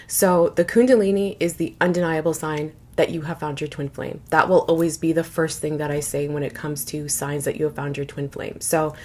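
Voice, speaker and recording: Earnest young woman vlogging, lowish voice. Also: a little mellow. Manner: earnest, rambling, frequent "like" fillers. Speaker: spiritual vlogger. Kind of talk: casual personal vlog.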